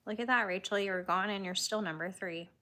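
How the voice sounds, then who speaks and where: Speaking a little fast in a bright, forceful, medium-pitched voice, a woman hosts a crochet livestream; she goes through live comments casually and keeps laughing as she tells tales on herself.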